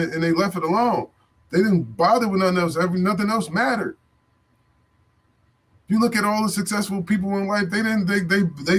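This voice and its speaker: A man in AAVE giving an unscripted motivational talk as a vlogger, preachy and repetitive, with profanity and street slang. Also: high-pitched.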